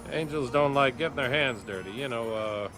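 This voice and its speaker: A man's voice: medium pitch, moderate pace, natural voice. An actor playing a wry middle-aged male grim reaper boss, with a sarcastic Southern drawl and a music bed under him. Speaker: TV drama character.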